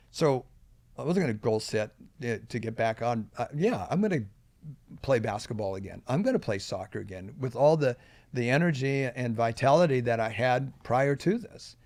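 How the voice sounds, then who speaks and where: A man's voice: mid-range voice, a little mellow, no echo. An older man, a podcast guest, telling a personal story earnestly and with emphasis at key moments.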